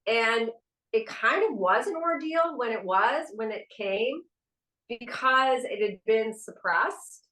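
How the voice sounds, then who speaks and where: Frank, bright-voiced woman in echoey room. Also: a little high, animated, takes it slowly. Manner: candid, frank, swears casually. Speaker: podcast co-host. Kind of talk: casual spiritual podcast chat.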